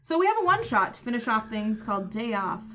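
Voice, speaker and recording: Female podcast co-host, slightly high voice, teasing and casual. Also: big pitch swings, fast, a bit bright, a little hiss or hum. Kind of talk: casual comic book recap chat.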